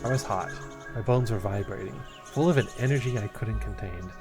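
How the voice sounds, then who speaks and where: Low-voiced man reading a story game. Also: brisk, music in the background. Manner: reads story text expressively, with stumbles and asides. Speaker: streamer. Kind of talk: reading a narrative game aloud.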